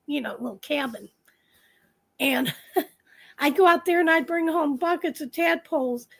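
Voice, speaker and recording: High, bright-voiced woman telling stories. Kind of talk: casual storytelling chat.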